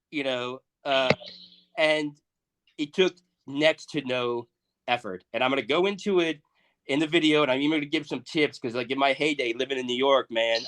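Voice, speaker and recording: A man in his thirties co-hosting a podcast, delivering a crude, profane comedic rant that swings between loud outbursts and muttered asides. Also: medium pitch. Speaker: podcast co-host.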